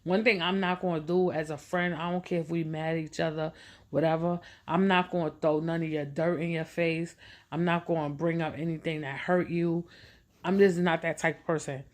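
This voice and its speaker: Chatty woman telling a story, lowish voice. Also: moderate pace. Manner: animated, chatty, acts out quoted people. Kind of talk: casual personal storytelling.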